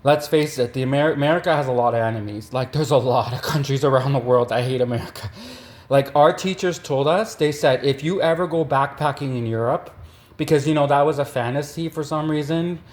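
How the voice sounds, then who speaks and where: A man from Canada doing a rambling, deadpan satirical comedy monologue, full of fillers and restarts. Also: mid-range voice, a little fast.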